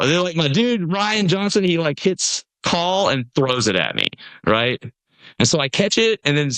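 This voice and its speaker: A man spins a rambling story as a podcast guest. His pitch swings widely as he mimics the people in it. The mic is close and the room sounds dry. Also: moderate pace, no room sound. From Nashville, USA. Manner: animated storyteller, acts out quoted voices. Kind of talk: casual storytelling conversation.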